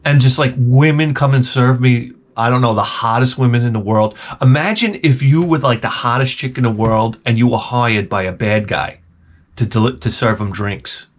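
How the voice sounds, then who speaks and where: A man's voice: mid-range voice, moderate pace. Rambling, profane comedic man. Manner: profane, joking, rambling tangents. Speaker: gaming channel host.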